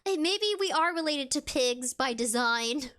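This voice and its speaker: A woman's voice: sits high, lively intonation, a little slow, fairly bright tone. A woman streamer chatting casually with viewers, reading out chat and game text in a playful, rambling way. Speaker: VTuber streamer.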